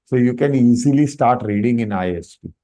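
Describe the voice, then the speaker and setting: In an online Sanskrit workshop, a man with an Indian English accent talks briskly in a dark, mid-range voice. He explains concepts, checks understanding with questions to students, and mixes Hindi into his English over the video call.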